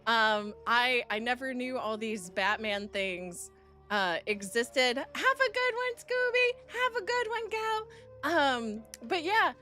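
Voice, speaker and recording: A woman live-streams with a fairly high, sharp-toned voice that swings widely in pitch at a slow pace. Bubbly and affectionate, she greets chat members by name with pet names and sometimes chews food while talking. Faint music plays behind her.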